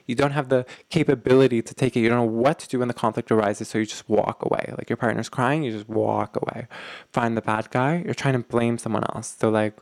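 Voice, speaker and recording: A man's voice: medium pitch, creaky, no echo. A man hosting a podcast, explaining relationship advice in a casual, repetitive way and acting out example arguments. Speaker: podcast host. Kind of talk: instructional podcast monologue.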